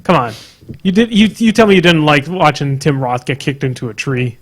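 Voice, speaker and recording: Podcast co-host, male, slightly higher voice, relaxed banter, laughs a lot. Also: fairly quick. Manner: laid-back, laughs often, restarts mid-sentence. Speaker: podcast co-host reading listener questions. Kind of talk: casual gaming podcast chat.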